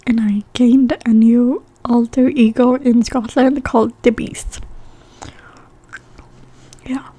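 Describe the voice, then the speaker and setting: A woman's voice: on the high side, steady tone, slow, pauses often, dark tone, breathy edge. Whispering young woman from Sweden, stuffy nose. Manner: chatty whispered storytelling between bites. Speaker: mukbang ASMR creator. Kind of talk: whispered role-play.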